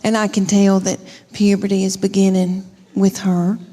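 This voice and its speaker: A woman's voice: medium pitch, flat delivery, moderate pace, mellow. A woman doing stand-up comedy, rambling through family anecdotes with frequent ums.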